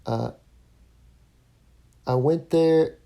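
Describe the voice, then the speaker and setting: Mellow gravelly-voiced man rambling casually. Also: a little high, very slow. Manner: rambling, lots of ums and restarts. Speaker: podcast host, stand-up comic. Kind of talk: casual solo monologue.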